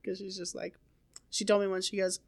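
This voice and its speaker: A woman in her thirties with a mid-pitched voice in relaxed conversation. She tells family stories and acts out the lines of the people in them. The recording is dry and close. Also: a little fast, dry recording. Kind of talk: casual podcast chat.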